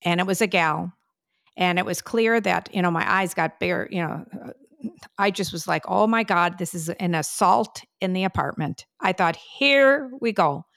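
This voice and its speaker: A chatty woman co-hosting a family podcast, her mid-pitched voice carrying a gravelly edge. She tells stories with animated asides. The sound is dry and close. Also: normal speed, dry recording. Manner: chatty storyteller, animated retelling. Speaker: podcast co-host, mother. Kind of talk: casual family podcast chat. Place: New York City.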